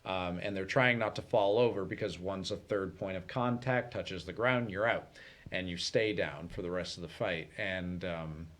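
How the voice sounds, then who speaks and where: Low-voiced man explaining in casual chat. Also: normal speed. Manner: relaxed, explanatory, many fillers. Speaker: co-host. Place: community TV studio.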